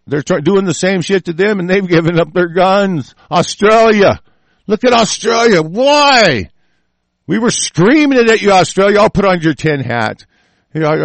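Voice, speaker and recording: A man's voice: on the high side, vocal fry, no echo. A man hosting a radio show, delivering an angry, profane political rant full of cursing. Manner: profane, shouting, heavy cursing.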